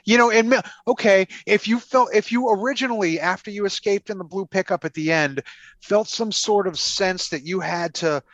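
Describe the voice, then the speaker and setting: A man's voice: high voice, moderate pace, fairly bright tone, no room sound, muffled recording. Fired-up man ranting in dry sound. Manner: heated, swears a lot. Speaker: podcast co-host. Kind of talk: casual chat.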